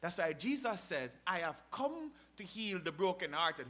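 Bright-voiced man preaching with passion. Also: high voice, very animated, measured pace, few pauses. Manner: impassioned preaching with sudden loud rises and quiet drops; rhetorical questions. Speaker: pastor. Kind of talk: sermon.

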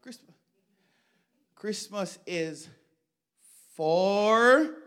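A man preaching a sermon, telling a Bible story with animated swings between loud bursts and quiet asides. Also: sits high, extremely slow, clean tone.

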